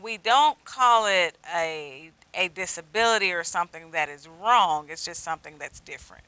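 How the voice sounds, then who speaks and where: A woman with a Southern US accent, a speech language pathologist, answering interview questions in a measured way, with frequent "um" pauses. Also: lowish voice, expressive, pushed and bright, clear, resonant tone, no echo, rough recording. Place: TV studio.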